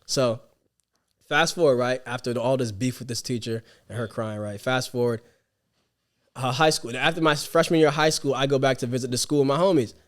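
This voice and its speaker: A young man hosts a podcast, telling a story in casual, slangy chat. His medium-pitched voice is fairly quick, and he animatedly acts out the people he quotes in other voices.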